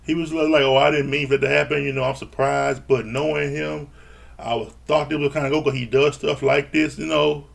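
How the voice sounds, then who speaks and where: Man, gravelly, slightly high voice, casual recap rant, blunt, exasperated. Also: level tone, fairly quick. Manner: blunt, exasperated, swears often. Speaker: reality TV reviewer.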